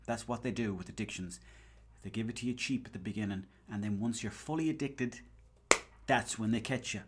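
A man's voice: fairly low pitch, a little fast, slightly rough. An Irish man hosting a podcast, rambling through a comic story, swearing and acting out bits of dialogue. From Ireland. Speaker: podcast host. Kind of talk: casual comedic monologue.

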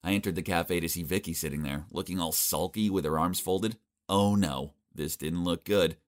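A young adult man narrating a first-person story with expressive, dramatic comic delivery. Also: low voice, normal speed.

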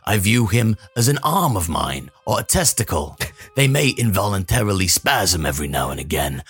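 A man voicing a pompous older billionaire as a Canadian mob boss, slow and menacing, in a comic monologue over faint music. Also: low voice, sing-song, a bit bright, slightly rough, heavily acted. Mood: smug menacing. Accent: Canadian, put on.

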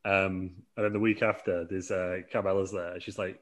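A man's voice: low-pitched, little pitch movement, normal speed. A man hosting a casual podcast chat, rambling and laughing through a made-up storyline with many fillers. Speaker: podcast host.

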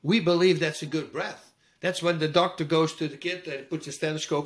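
Lively, emphatic man with roots. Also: a little high, brisk. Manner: lively, emphatic, acts out quotes with sound effects. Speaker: guest. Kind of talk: animated storytelling interview.

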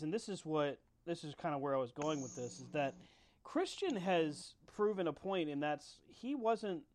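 A man hosting a casual podcast chat who moves the talk along and puts questions to his co-host. His voice sits a little high, with a faint hiss of noise behind it. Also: a little mellow. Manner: conversational, steers topics, asks questions.

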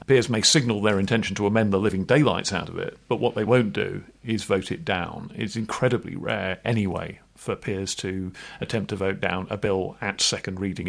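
A man's voice: lowish voice, vocal fry. A man co-hosting a podcast, explaining things in a wry, informal way with jokey asides. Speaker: podcast co-host. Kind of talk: explanatory chat.

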